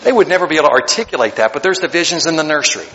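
A man preaching a sermon as pastor, animated and joking, acting out little voices to make his points. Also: on the high side, rapid-fire, dull audio. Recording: long hall reverb.

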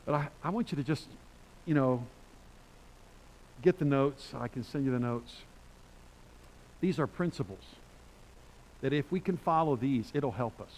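A man preaching a sermon as pastor, conversational and emphatic, with sudden loud bursts. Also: mid-range voice, lively intonation, unhurried, long pauses, a little hiss or hum, low-quality recording.

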